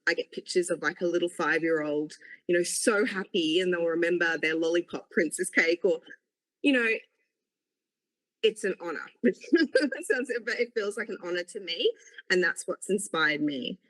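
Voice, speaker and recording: A woman's voice: lowish voice, expressive, moderate pace, low-quality recording. A woman, a podcast guest speaking earnestly about her work and life. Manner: warm, earnest storytelling. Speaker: guest, cake maker. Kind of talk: conversational podcast interview.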